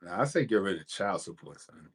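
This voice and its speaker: A man with a low voice co-hosts a casual podcast. He argues his opinion in a steady, deliberate way. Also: slightly rough. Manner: measured, opinionated arguing. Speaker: podcast co-host.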